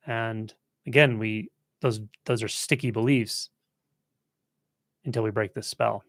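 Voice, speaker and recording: A man teaching in a relaxed, conversational way, thinking aloud as he answers a viewer's question on a live stream. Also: lowish voice, measured pace, pauses often, no room sound, studio quality. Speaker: spiritual teacher hosting a live Q&A. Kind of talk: casual spoken teaching.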